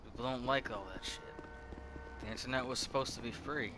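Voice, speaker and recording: A man's voice: medium pitch, brisk, noisy background. A man in his thirties giving casual gameplay commentary, rambling and swearing freely, often restarting his sentences. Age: 30s. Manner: rambling, profane, self-interrupting. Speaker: gameplay streamer.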